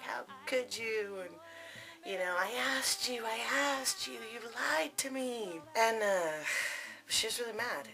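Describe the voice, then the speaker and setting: Bright-voiced woman telling a personal story. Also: low-pitched. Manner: candid, frequent fillers and asides. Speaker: vlogger.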